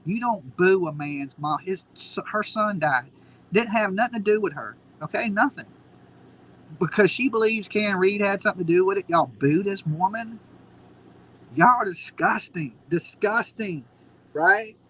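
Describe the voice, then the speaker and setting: Fired-up high-voiced man. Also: normal speed, bright, forceful tone, rough recording. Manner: mocking, combative and fired up. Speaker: live-stream host. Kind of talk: heated casual commentary.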